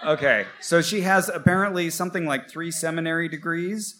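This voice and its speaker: A man co-hosting a live podcast, telling a story on stage in a wry, animated way with mock quotes. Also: on the high side, fairly quick, a little hiss or hum. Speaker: podcast co-host. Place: stage before a live audience.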